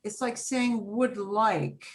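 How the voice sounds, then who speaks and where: A woman's voice: medium pitch, slow. A woman teaching a beginners' Spanish class over a video call, explaining patiently and repeating phrases.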